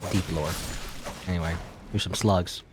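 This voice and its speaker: A man's voice: low voice, fairly even intonation, measured pace, noisy background. A man casually commenting while playing a game, musing aloud and joking at his own expense. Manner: rambling, musing aloud with self-deprecating jokes. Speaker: let's play host.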